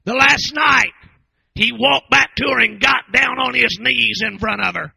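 A man preaching a shouted revival sermon in a church service, punctuating his phrases with chanted "uh" sounds. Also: very high-pitched, moderate pace, creaky, breathy edge, rough recording.

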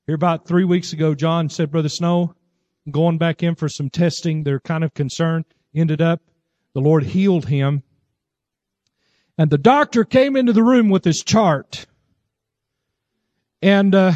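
A man's voice: high voice, normal speed, a little mellow, dry recording. A male pastor preaching a sermon to his congregation, telling a story and rising to fervent cries of praise. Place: church service.

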